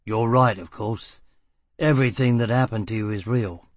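A man voicing a self-assured, menacing male boss who talks in a brisk, mocking way. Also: lowish voice, dry recording, lightly acted.

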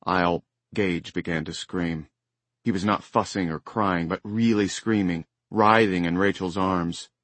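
Male audiobook narrator, measured delivery, low voice, dry close recording. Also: dry recording. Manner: measured, even storytelling. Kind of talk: scripted narration. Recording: dry close studio sound.

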